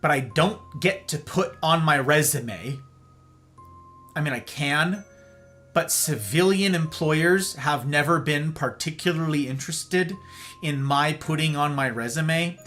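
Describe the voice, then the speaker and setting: A man's voice: fairly high pitch, unhurried, fairly bright tone, faint music behind. A male host giving an emphatic, sarcastic monologue on a live-streamed talk show, with playful asides.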